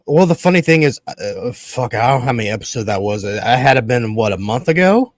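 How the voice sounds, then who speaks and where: A man's voice: medium pitch, expressive, fairly quick, no echo. A man co-hosting a podcast in casual chat, rambling, swearing often and acting out what others said. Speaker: podcast co-host.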